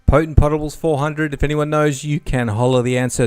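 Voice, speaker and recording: A man's voice: fairly high pitch, fairly even intonation, a little fast, few pauses, darkish tone, clear, resonant tone, no room sound. Chatty man hosting a quiz. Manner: joking, chatty, hints freely at answers. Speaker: quiz host. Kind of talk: casual game-show hosting.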